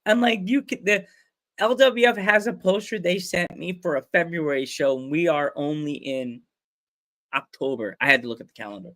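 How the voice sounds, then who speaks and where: A man's voice: on the high side, normal speed, bright, forceful tone. An American man hosting a casual podcast chat, rambling with stumbles, restarts and frequent laughs. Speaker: podcast host.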